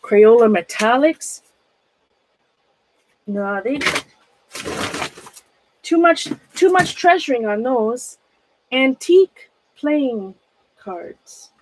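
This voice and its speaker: A woman's voice: on the high side, animated, drawn-out words, long pauses, a little mellow, a little hiss or hum, low-quality recording. A middle-aged woman streaming live, rambling nervously as she sorts through old things and greets viewers by name. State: nervous and shaky. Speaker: livestreamer. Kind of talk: casual livestream chat while sorting a closet.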